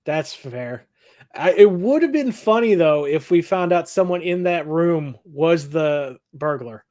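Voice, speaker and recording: A man co-hosting a podcast, recapping a TV episode in casual chat, animated and laughing often. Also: a little high, measured pace. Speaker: podcast co-host.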